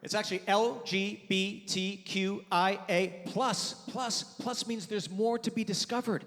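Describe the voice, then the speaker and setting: A man in his forties performing a stand-up comedy set, telling loud, animated stories and breaking into sudden high yelps. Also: a little slow, big-room sound. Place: theater stage before a live audience.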